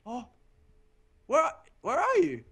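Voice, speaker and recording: A young man with a high, bright voice reacts to a game race in casual chatter. He swings all over in pitch and gets excitable, yelling and groaning at each twist. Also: slow, creaky. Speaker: guest gamer. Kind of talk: casual gameplay commentary.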